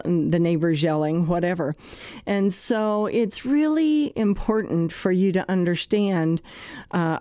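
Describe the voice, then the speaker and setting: Lady psychologist host, lowish warm voice, dry close sound, talks it through like a chat. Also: smooth, no room sound. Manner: explains plainly with everyday examples, acting out anxious self-talk. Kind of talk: conversational talk.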